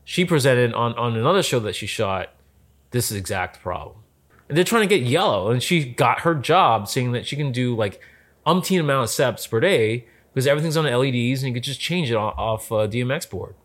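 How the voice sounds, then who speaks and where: A man in a casual conversation about film lighting. He tells stories in an animated way, acts out what people said, and often restarts his sentences. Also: medium pitch, brisk. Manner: animated storyteller, acts out quotes, many restarts. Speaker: lighting specialist guest.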